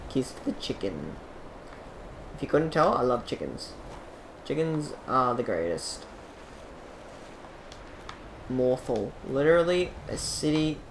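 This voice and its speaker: A man casually commentating his gameplay into a desk microphone, excitable and jokey with loud bursts. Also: medium pitch, gravelly, slight background noise. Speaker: gaming channel host.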